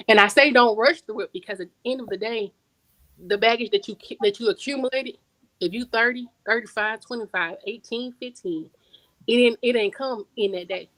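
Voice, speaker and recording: A woman's voice: on the high side, moderate pace, fairly bright tone, no echo, poor audio. Emphatic woman author, dry close sound. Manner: emphatic, repeats words for stress; storytelling, conversational slang. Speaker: guest author. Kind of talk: casual podcast interview.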